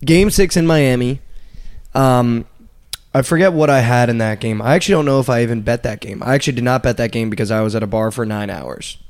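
A young man co-hosting a podcast, chatting casually and telling stories in animated bursts, swearing freely. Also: medium pitch, fairly quick. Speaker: podcast co-host. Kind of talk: casual sports chat.

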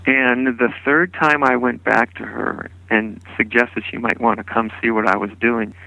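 A man who is a spiritual teacher, telling his story in an unhurried, meandering way with frequent restarts. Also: medium pitch, fairly even intonation, vocal fry, pushed and bright, no room sound, rough recording. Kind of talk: reflective storytelling interview.

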